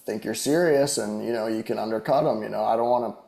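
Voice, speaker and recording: A man living in Australia co-hosts a casual fantasy football podcast, relaxed, swearing freely and laughing easily. His voice is on the low side, fast, creaky and mellow.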